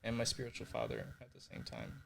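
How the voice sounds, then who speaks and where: A young man tells his faith testimony on a podcast, earnest and openly emotional. He leans on filler words as he goes, speaking at an average pitch. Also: big pitch swings, quick pace, creaky, slight background noise. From Puerto Rico. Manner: earnest, emotional, many fillers like "like" and "you know". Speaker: podcast guest.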